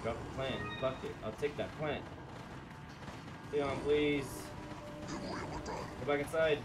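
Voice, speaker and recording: A man giving casual let's play commentary on a horror game, excitable, swearing and yelling in panic. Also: medium pitch, takes it slowly, music in the background. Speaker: gaming video creator. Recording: distant mic under loud game noise.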